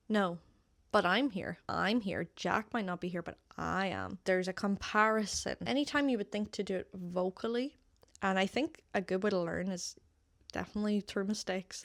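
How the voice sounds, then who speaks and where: A woman with an Irish accent teaching a casual online language lesson. She is patient and repeats example phrases slowly for learners. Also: mid-range voice, dry recording, studio quality.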